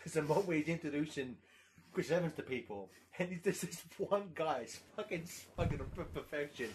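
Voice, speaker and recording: A man's voice: on the high side, lively intonation, fairly quick, a little mellow, slight background noise. A young man in casual chat, rambling and swearing, laughing often.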